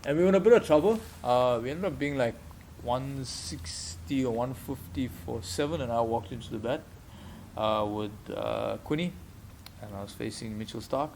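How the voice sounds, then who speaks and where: There's a creak to this mid-range voice, which moves at a moderate pace with slight background noise. The speaker, a South African man in his thirties, guests on a podcast and tells casual stories animatedly, acting out quotes with laughter.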